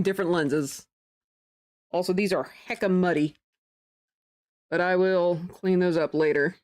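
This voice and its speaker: Speaking at a moderate pitch, this woman streams games and chats casually about what's happening on screen. Her delivery is lively and full of laughter, with long, drawn-out exclamations.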